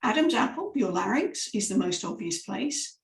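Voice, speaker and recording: Brief: animated female speaking coach, demonstrating exercises, roomy echoey sound. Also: fairly high pitch, normal speed, creaky. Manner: lively, demonstrative, guides listeners through exercises. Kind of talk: live vocal warm-up lesson. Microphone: microphone, sometimes stepping close. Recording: roomy echo.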